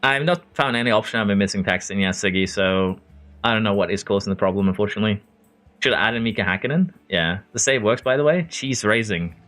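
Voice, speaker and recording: Talking fast in a lowish, slightly bright voice, this Norwegian game streamer gives casual commentary on a racing management game. He reads chat chattily, answering viewers by name and chuckling often, with soft background music behind.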